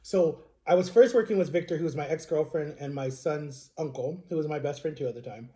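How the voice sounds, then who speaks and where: Speaking briskly in a slightly high, warm voice, a vlogger in his thirties tells his life story to the camera. He's earnest, emotional and rambling, and he keeps asking "right?".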